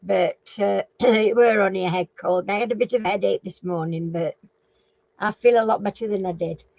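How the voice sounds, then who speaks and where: A Northern English woman hosting a casual live-stream chat. She rambles along and keeps clearing a frog in her throat. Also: mid-range voice, steady tone, normal speed, a little mellow, no echo, low-quality recording. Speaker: live chat and quiz host.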